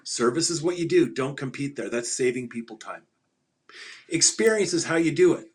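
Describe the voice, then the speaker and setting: Here a middle-aged man, a financial advisor, tells stories as a podcast guest in a mid-range voice with a breathy edge, moving at a moderate pace. The interview is animated; he emphasizes his points, repeats his punchlines, and laughs at what he says.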